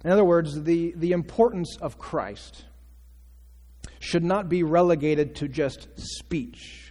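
A man's voice: on the high side, slow, mellow. A male pastor preaching a conversational sermon, asking the congregation questions and acting out quotes. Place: church sanctuary. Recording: long church reverb.

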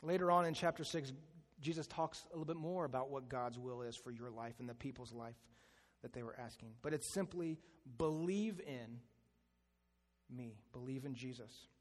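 A man preaching a sermon as a pastor. He slows down and drops to a hushed voice on key phrases. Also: mid-range voice. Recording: long hall reverb.

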